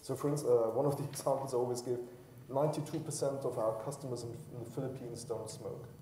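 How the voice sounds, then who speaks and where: A man talks on a conference panel in a mellow, relaxed voice, chatty and self-deprecating, with plenty of fillers and restarts. He is picked up from a distance in a roomy hall, with a faint hum of ambience behind him. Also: mid-range voice, fast talker. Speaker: insurance executive panelist.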